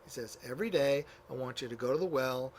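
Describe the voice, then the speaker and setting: A man's voice: medium pitch, quick pace, slight background noise. Chatty male lecturer retelling a story. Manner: conversational storyteller with many fillers and asides. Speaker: church history teacher. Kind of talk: classroom lecture, retelling stories. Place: classroom.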